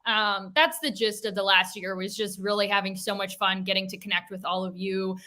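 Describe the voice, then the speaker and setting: A young woman co-hosts a sports chat show, rambling with lots of fillers and gentle teasing. Her voice is bright and forceful. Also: medium pitch, fairly even intonation, brisk. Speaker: co-host. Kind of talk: casual chat.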